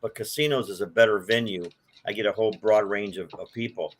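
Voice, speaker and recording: A man's voice: on the low side, fairly even intonation, a little fast, a little hiss or hum. A man in his sixties from Detroit, telling his life story as a guest in a casual chat, with lots of fillers and restarts. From Detroit, USA. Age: 60s. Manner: rambling, with many fillers and restarts. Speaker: guest, collector.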